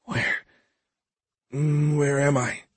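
Man voicing a groggy, rumbling young man. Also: little pitch movement, drawn-out words, slightly rough, no echo, heavily acted. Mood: dazed. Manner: weak, rumbling, dazed. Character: groggy young man just revived from drowning. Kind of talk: audiobook character voice.

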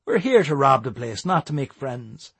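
A man's voice: mid-range voice, sing-song, normal speed, a bit bright, breathy edge, no echo, exaggerated voice. A man voicing an exasperated young male robber who speaks curtly and with irritation. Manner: curt, irritated.

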